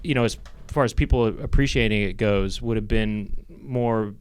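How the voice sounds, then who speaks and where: A man in his forties hosting a comedy podcast, talking in a rambling, halting way with many fillers. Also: lowish voice, clean tone, no echo. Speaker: podcast host. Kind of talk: casual chat.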